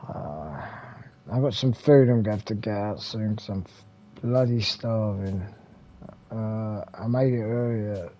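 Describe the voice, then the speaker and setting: A man's voice: lowish voice, unhurried, warm tone, a little hiss or hum. A man with an English accent, hosting a retro gaming channel, rambling casually with mild swearing and lots of fillers and restarts.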